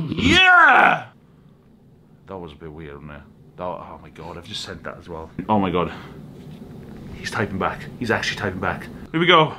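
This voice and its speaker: A man in his twenties with a Welsh accent, vlogging from a hotel room, swinging from loud shouting to mumbled asides. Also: low voice, lively intonation, a little fast, slight background noise. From Wales. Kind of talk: comedic vlog monologue.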